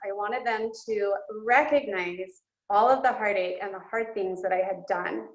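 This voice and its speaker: A woman's voice: mid-range voice, normal speed. A woman guest speaker giving an earnest, emotional personal testimony. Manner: earnest and emotional, with breaks into laughter. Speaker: guest speaker at a coaching session. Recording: roomy, dull lo-fi sound.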